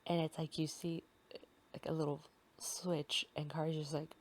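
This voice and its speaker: A woman hosting a casual fanfic recap, rambling with many fillers and often slipping into a soft half-whisper. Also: low voice, level tone, normal speed, slight background noise. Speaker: podcast host recapping a fanfic.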